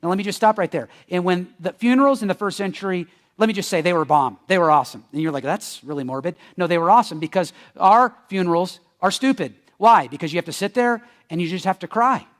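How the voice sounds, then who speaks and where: A male pastor preaching a sermon in a conversational, joking style, swinging between loud bursts and hushed near-whispers. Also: sits high, fast talker. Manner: joking asides. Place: church.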